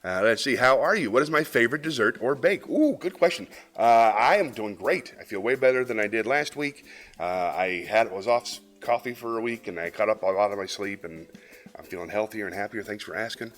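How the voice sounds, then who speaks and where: A man hosting a casual live stream, his voice lively and bouncing up and down in pitch as he jokes with the chat. He talks in a playful, rambling way, with faint music playing behind him. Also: fairly quick. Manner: playful, jokey, reads chat comments aloud. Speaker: host of a live variety stream.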